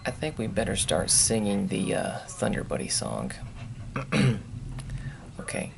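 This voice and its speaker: A man's voice: lowish voice, sing-song, normal speed, creaky. A man chatting casually at home for his vlog, rambling and grumbling in an offhand way. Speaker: vlogger. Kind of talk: casual chat. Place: at home indoors.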